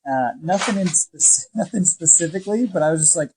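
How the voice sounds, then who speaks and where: A man's voice: a little high, lively intonation, a little fast, darkish tone, a little hiss or hum, low-quality recording. Chatty man guest, lots of "like". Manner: chatty, filler-heavy, laughs often. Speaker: podcast guest. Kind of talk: casual film discussion.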